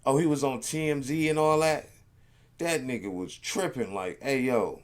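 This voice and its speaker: A man's voice: medium pitch, normal speed. A man hosting a reaction video, chatting casually in a rambling, laid-back, slangy way.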